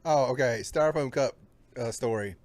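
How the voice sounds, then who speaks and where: A man's voice: mid-range voice, moderate pace, darkish tone. A man co-hosting a podcast, telling workplace stories in a laid-back way and laughing easily. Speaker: podcast co-host. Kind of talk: casual chat, storytelling.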